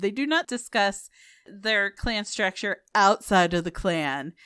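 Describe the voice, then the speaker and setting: A woman co-hosting a casual podcast, talking in an animated, playful way and laughing often. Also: medium pitch, a little slow, clear, resonant tone, no echo, studio quality. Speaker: podcast co-host.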